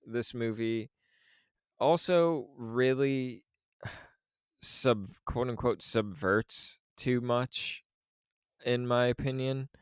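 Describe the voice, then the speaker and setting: A man's voice: mid-range voice, clean tone, no echo, studio quality. A man co-hosting a podcast, chatting casually about a film in a laid-back, rambling way, laughing now and then. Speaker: podcast co-host.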